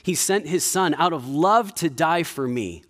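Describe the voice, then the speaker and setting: A man's voice: animated, measured pace. Man preaching in a conversational tone. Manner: conversational preaching with many restarts, drops to a hushed low voice for emphasis. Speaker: pastor. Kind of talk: sermon.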